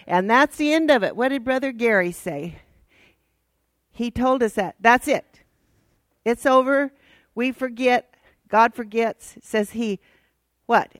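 Woman Bible teacher, higher voice, unhurried, teasing but direct. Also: dry recording. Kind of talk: casual church teaching.

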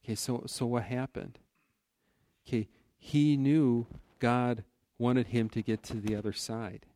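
A man's voice: medium pitch, steady tone, unhurried, warm tone. A man teaching from the Bible in a conversational, earnest way, often restarting his sentences and adding "you know". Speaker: preacher.

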